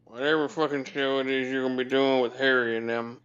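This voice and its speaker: A man swears and jokes his way through a loose voice-call chat, now and then jumping into loud bursts. His voice sits at an ordinary pitch, and the sound is a bit dull and muffled. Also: flat delivery, fast talker, clean tone. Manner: crude, joking, loud bursts. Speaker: call participant.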